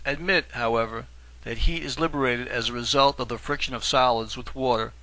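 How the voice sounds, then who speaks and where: A man voicing an aged, scholarly guide who speaks softly and courteously in an audiobook. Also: medium pitch, rough recording. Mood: explaining. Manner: soft, measured, polished. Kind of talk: audiobook reading.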